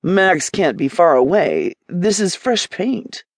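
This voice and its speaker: A woman narrator voicing a confident, amused male design executive in an audiobook, speaking in a smooth, self-assured way. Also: high voice, sing-song, slow, no room sound, clean studio sound, exaggerated voice. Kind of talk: audiobook character voice.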